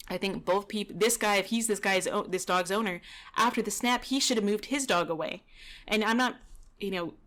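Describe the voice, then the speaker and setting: Chatty woman dog trainer commenting on footage. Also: mid-range voice. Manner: relaxed, chatty, explaining with frequent "you know" and "kinda". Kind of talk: casual commentary over video footage.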